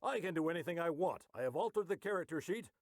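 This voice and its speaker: A man voicing a chaotic tabletop player who is goofy and defiant in an animated skit. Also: on the high side, quick pace, no echo, studio quality.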